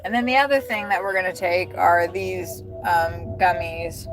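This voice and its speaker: Slow-talking woman chatting from her car. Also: on the low side, fairly even intonation. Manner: rambling, swearing, thinking aloud. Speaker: delivery driver vlogger. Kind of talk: casual livestream chat. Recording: music loud behind voice.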